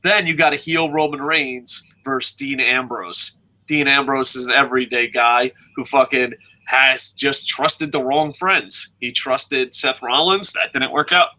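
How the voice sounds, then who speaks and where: A man co-hosting a casual wrestling preview podcast, ranting excitably and swearing often, laughing through his points. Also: mid-range voice, measured pace.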